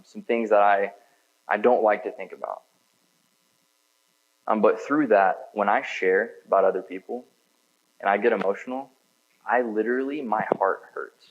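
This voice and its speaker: A man with a fairly low voice preaches a sermon in a church, chatting casually rather than declaiming. His talk is loose and peppered with fillers. The recording sounds dull and lo-fi. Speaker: pastor.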